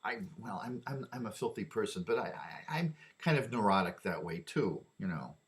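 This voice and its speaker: A man's voice: on the low side, expressive, moderate pace. A man delivering a rambling opinion monologue, often repeating and restarting his words.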